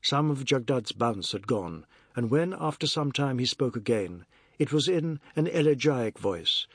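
A man reading a novel aloud as narrator in a measured, even storytelling manner. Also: mid-range voice, husky, no echo, studio quality. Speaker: audiobook narrator. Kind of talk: scripted narration.

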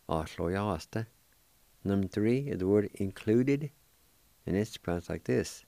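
Slow, deep-voiced man teaching spelling. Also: creaky, dark tone, no echo. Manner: spells letter by letter, repeats words slowly and carefully. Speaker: radio language teacher. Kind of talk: slow spelled-out language lesson.

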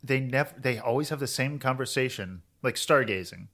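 A man's voice: medium pitch, normal speed. A man co-hosting a podcast, retelling an anime episode in a rambling, casual chat. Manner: rambling, animated retelling with quoted voices. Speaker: podcast co-host.

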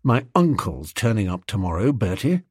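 A man voicing a gloomy, hard-up young gentleman in an audiobook, rambling in flustered, old-fashioned slang. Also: fairly low pitch, big pitch swings, normal speed, husky, no room sound, clean studio sound, voice pushed down. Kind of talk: audiobook character voice.

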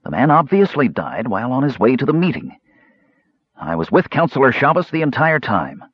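A man reading an audiobook, voicing a sickly male mage who speaks in a bland, measured, quietly sardonic way. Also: medium pitch, very animated, slightly rough, no echo, voice pushed up. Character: hushed, sickly male mage, cool and cutting. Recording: slightly muffled dry recording.

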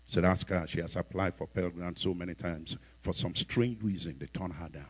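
A man, a bishop, telling a story in a sermon in an animated way, acting out the voices of the people in it. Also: sits low, moderate pace, few pauses, breathy edge. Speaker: bishop and preacher.

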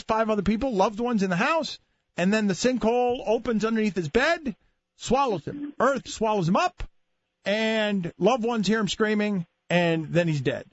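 A man's voice: sits high, no echo, dull audio. A man hosting a sports radio show, joking around and riffing between guests. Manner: joking, riffs into silly voices. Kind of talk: casual sports radio banter.

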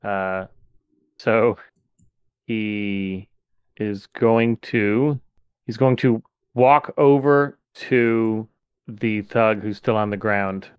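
Smooth-voiced man playing a tabletop game. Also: fairly low pitch, extremely slow, long pauses, dry recording, dull audio. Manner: hesitant, many fillers while planning. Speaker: player.

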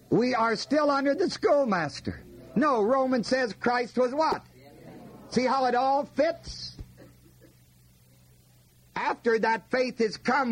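In a very high-pitched, fairly bright voice, a man preaches a homespun sermon teaching from the Bible. He often puts questions to his audience and stresses important words heavily.

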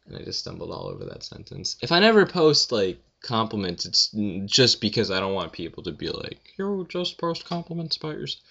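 Young man, just out of bed, rambling self-deprecating vlogger; deep, gravelly, slightly muffled home recording. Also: wildly swooping pitch, brisk, few pauses, pushed and bright. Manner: rambling, self-mocking, filler-heavy with frequent "like". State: just woken up. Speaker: blogger answering questions. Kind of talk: casual rambling monologue.

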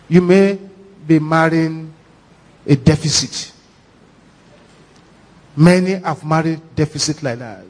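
A Nigerian man, a pastor, preaching a sermon with animated, repetitive, dramatic storytelling. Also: fairly high pitch, measured pace, pauses often. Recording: echoey hall reverb.

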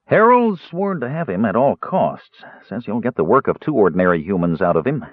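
A man voicing a smooth, persuasive human dealer who sells prisoners with salesman patter. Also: fairly low pitch, big pitch swings, fairly quick, no echo. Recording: narrow tinny phone-like audio.

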